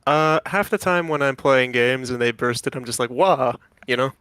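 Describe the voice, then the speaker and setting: A man's voice: mid-range voice, fairly quick, bright, forceful tone, clean tone, no echo. A man playing a tabletop game, rambling with asides and laughs. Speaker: player. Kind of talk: casual game chat.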